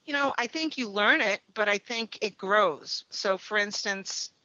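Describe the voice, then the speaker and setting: A middle-aged woman, a trance medium, telling stories in a relaxed interview and often tagging her sentences with "right?" and "you know". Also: mid-range voice, unhurried, no echo, lo-fi sound. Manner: chatty, leans on "right?" and "you know" tags. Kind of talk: conversational interview storytelling.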